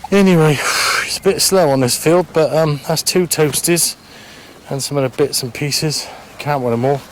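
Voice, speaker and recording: Out in an open farm field, a man with a somewhat high voice gives casual commentary to the camera while metal detecting, thinking aloud hesitantly and chattily. He speaks at a normal speed, with slight background noise.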